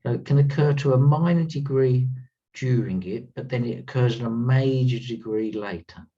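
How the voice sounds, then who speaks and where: A man's voice: mid-range voice, moderate pace, warm tone. A man giving an earnest spiritual talk as a teacher, stressing points by repeating words. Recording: slightly distant, dull lo-fi sound.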